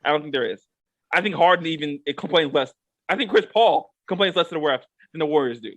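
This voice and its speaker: Male co-host, high and lively voice, heated repetitive rant, dry close recording. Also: quick pace, dry recording. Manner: emphatic and repetitive, drives points home with "okay?". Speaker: co-host giving a rant segment.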